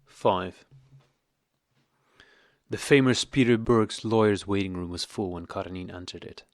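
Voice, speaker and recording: A man narrating an audiobook of a classic novel in a measured, steady reading. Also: deep voice, dry recording, clean studio sound.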